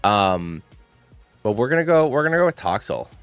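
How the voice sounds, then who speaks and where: A man's voice: fairly low pitch, sing-song, normal speed, fairly bright tone, no room sound, faint music behind. A young man hosting a channel, talking through his picks in a rambling, playful way, with lots of fillers. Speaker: channel host. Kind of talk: casual gaming commentary.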